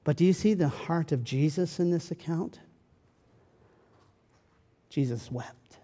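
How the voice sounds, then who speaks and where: A man preaching a sermon as pastor, dramatic, moving between loud pleading and a soft, slow hush. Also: a little high. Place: church sanctuary. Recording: church hall with long reverb.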